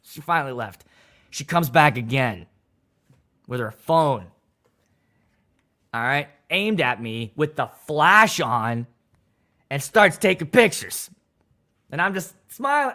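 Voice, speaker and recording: A man's voice: on the high side, a little slow, long pauses. A man who works as a wedding DJ, telling a story on a livestream in a loose, profane, dramatic way. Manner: animated, profane, dramatic retelling.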